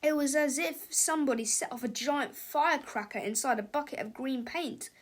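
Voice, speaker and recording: Expressive woman reading a storybook aloud. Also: high-pitched, normal speed.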